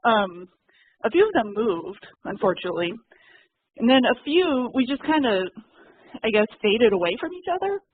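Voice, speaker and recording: A woman's voice: fairly high pitch, big pitch swings, normal speed, husky, dry recording. A woman chatting casually and candidly on a call, with lots of fillers. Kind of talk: casual chat. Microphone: call audio, muted and unmuted. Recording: thin phone-like dry call audio.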